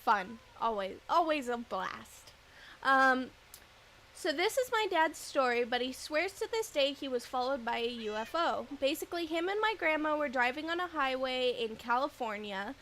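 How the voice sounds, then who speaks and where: High bright woman streamer just chatting, laughs a lot, bit of hiss behind. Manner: chatty, laughs a lot, reads viewer stories aloud. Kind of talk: casual chat.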